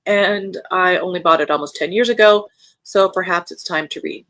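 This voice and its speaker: On a dry recording, a fairly low-pitched woman talks at a normal speed. As host of a livestreamed reading sprint, she chats in a friendly American-accented style and reads out viewer comments, brightening as she reads the chat.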